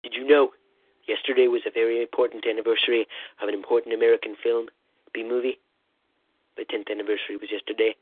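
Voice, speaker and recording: A man doing a comic impression of a rambling, boastful male president, calling in over a phone line with a husky voice. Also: medium pitch, level tone, quick pace, no echo, close to an everyday voice. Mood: blustering. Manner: rambling, repetitive "listen", boastful bluster. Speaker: comedy caller. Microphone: phone call-in. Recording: tinny phone line, dry.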